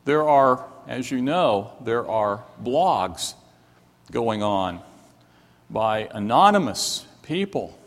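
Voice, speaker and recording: A man's voice: mid-range voice, sing-song, slow. A man preaching a sermon as pastor, earnest and emphatic, rising into exhortation. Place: church sanctuary. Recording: long hall reverb.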